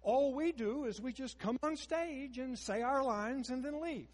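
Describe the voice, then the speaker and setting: A man in his sixties preaching a sermon, moving between hushed storytelling and emphatic rises. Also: extremely high pitch, a little slow, long reverb tail.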